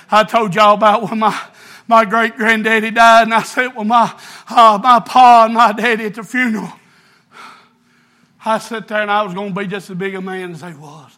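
A preacher man with a very high, bright, ringing voice, preaching with fervent emotion and often breaking into shouts. His delivery is heartfelt and insistent, full of the passion of a revival pulpit. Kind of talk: sermon.

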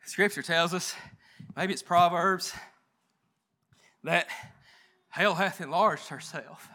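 A man preaching a sermon with passion, dropping to hushed tones and rising to shouts, his voice straining. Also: high voice, takes it slowly. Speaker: pastor.

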